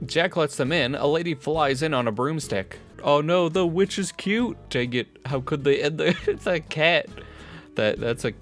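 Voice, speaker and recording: A man co-hosting a game playthrough, reading characters in a playful, animated way. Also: fairly high pitch, moderate pace, soft background music. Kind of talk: casual voiced playthrough.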